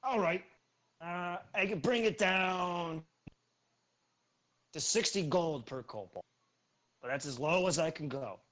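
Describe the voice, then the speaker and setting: A man voicing a very large male hobgoblin slave trader who haggles briskly over prices in a tabletop game. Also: fairly high pitch, fairly bright tone, voice pushed up. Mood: haggling.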